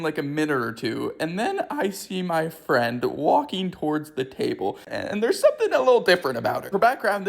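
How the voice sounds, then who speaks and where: A young man telling comedic stories from his own life, animated and exaggerated, acting out the people he quotes. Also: on the high side. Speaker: storyteller. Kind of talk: comedic storytime narration.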